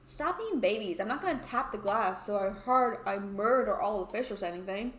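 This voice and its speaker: A woman's voice: medium pitch, expressive, normal speed, natural voice. A woman voicing a rude, show-off schoolboy who sneers at his classmates. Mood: sneering. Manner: sneering, loud, whiny. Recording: roomy echoey room.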